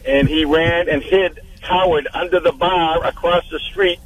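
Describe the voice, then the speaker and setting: A man's voice: fairly high pitch, fairly even intonation, measured pace. A man chatting casually about local politics in a gossipy way. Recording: distant mic with faint noise.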